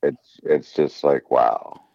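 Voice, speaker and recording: A male co-host with an extremely deep voice tells stories in a slow, reflective way. His mic sounds dull and lo-fi, in a dry room. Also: gravelly, a little mellow, no room sound. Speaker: podcast co-host. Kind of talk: casual podcast chat.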